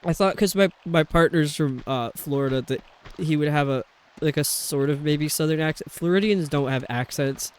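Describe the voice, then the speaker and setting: A man's voice: fairly high pitch, moderate pace, slight background noise. A man streaming a video game, chatting casually and rambling with lots of fillers. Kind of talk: casual chat while playing a video game.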